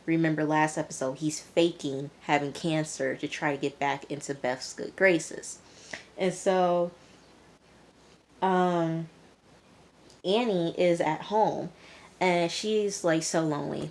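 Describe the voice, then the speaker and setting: A woman's voice: deep voice, fairly even intonation, measured pace, a little mellow. A young woman casually recapping a TV episode, with a chatty delivery full of "um" and "you know". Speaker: TV reviewer.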